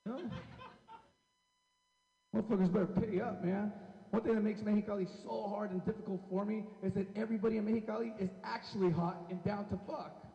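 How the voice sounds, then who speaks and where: A man's voice: sits high, steady tone, quick pace, gravelly, lo-fi sound. A man doing a stand-up comedy set on a club stage, brash and profane as he teases the crowd. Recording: echoey hall.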